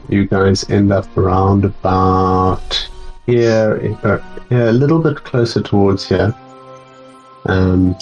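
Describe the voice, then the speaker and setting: A man narrating a tabletop game as game master, halting with many fillers. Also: sits low, a little mellow, muffled recording.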